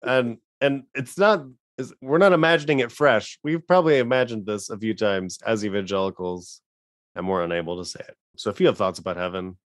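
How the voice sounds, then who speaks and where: A man co-hosting a casual podcast, talking in a rambling, halting way with frequent restarts. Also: on the low side, dry recording, clean studio sound. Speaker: podcast co-host.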